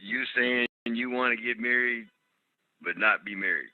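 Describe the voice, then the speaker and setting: A man's voice: medium pitch, unhurried, no room sound, phone-quality sound. A man co-hosting a podcast, teasing and playful in casual chat. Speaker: podcast co-host.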